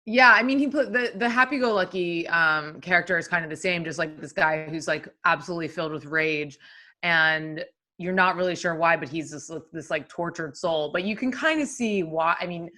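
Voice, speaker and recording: A woman co-hosting a podcast, with a bright, forceful voice set a little low in pitch. She talks in an emphatic way and repeats her words for effect. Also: moderate pace. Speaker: podcast co-host. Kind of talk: casual chat.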